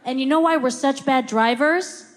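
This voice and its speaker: A woman's voice: sits high, moderate pace, in a large hall. A woman comedian doing stand-up with punchy, emphatic setups. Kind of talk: stand-up routine.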